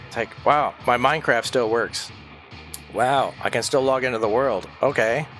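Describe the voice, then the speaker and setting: Guy rambling thru a sketchy story while streaming a game, swears a lot, mid pitch, little bit of music in the back. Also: moderate pace, fairly bright tone. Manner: rambling, conspiratorial storyteller who swears freely. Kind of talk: casual livestream storytelling while gaming.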